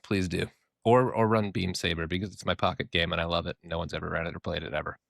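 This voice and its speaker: Deep and steady, with vocal fry and a fairly bright tone, a fast-talking man from Minnesota jokes around as a podcast co-host. The chat is playful and casual, sprinkled with offhand swearing, and the recording has no room sound.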